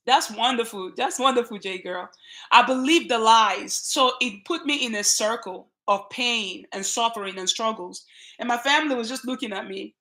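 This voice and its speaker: Nigerian woman livestream host, fairly high bright voice, emphatic and chatty. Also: fairly quick. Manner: warm greetings to viewers by name, lively and emphatic. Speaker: channel host. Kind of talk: casual livestream chat.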